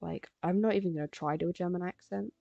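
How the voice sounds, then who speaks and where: A woman's voice: on the low side, fast, creaky, mellow, dry recording, dull audio. A teenage girl from England, rambling casually on a live stream while she draws, full of fillers. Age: teens. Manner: rambling, chatty, frequent fillers. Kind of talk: casual chat while drawing.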